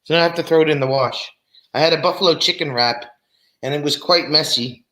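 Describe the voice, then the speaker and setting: Bright-voiced chatty man in an echoey room. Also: fairly high pitch, fairly quick. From New Jersey. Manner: chatty, laughs often, answers chat comments aloud. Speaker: live stream host reading chat. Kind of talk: casual live chat.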